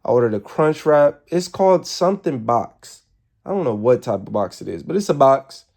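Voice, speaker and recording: A man telling a rambling, casual story to his live viewers, animated and swearing freely, sounding tired and yawning. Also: medium pitch, moderate pace, creaky. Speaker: streamer.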